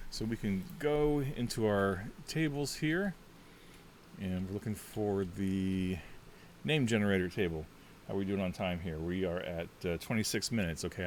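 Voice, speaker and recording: Brief: deep-voiced man, chatty and rambling, narrating his solo tabletop play; faint hiss underneath. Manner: rambling, chatty, thinks out loud with many fillers. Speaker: solo tabletop game player. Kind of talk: casual thinking-aloud game walkthrough.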